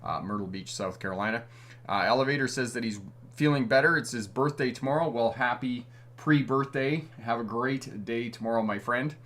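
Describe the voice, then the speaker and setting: Man, middle-aged, from Canada, driving instructor, live-stream host, friendly, chatty, chuckles often, ordinary pitch. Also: normal speed, fairly bright tone. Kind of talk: live-stream chat answering viewer comments.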